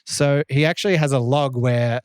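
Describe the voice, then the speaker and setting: A man's voice: medium pitch, smooth, dry recording. A man, co-hosting a casual chat in an upbeat, teasing way. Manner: upbeat, teasing, quick to laugh. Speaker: podcast co-host.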